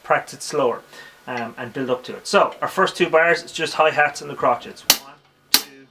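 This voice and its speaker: A man's voice: on the high side, fairly quick, gravelly, heavy background noise. A man with an Irish accent teaching drums in a casual spoken tutorial, counting beats aloud between his explanations. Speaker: drum teacher. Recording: drum kit playing loudly behind.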